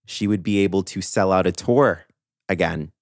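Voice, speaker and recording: A young man hosting a podcast, giving animated, opinionated commentary on pop music news with emphatic asides. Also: low voice, normal speed, no echo, studio quality. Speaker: podcast host.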